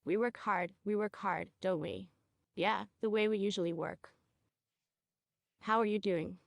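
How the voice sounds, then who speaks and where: Woman teaching a beauty class hands-on, coaching a student through it, normal pitch, dry sound. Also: a little slow, vocal fry, no room sound. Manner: coaching a student step by step, checking in with short questions. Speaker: cosmetology instructor. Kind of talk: hands-on training demonstration.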